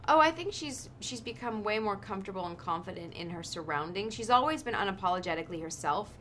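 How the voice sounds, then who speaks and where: A woman's voice: mid-range voice, expressive, fast talker, fairly bright tone, slight background noise. A woman in her thirties, an actress chatting in a casual interview, thoughtful and chatty with lots of ums and likes. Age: 30s. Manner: thoughtful, chatty, with frequent um and like fillers. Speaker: actress guest.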